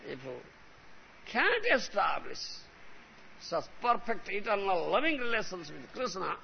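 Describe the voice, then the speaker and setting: A man lectures as a spiritual teacher, emphatic and punctuating his points with a questioning "huh?". His voice is high and strongly gravelly. The recording is dull and lo-fi, with faint hiss. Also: sing-song, measured pace. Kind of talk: devotional lecture.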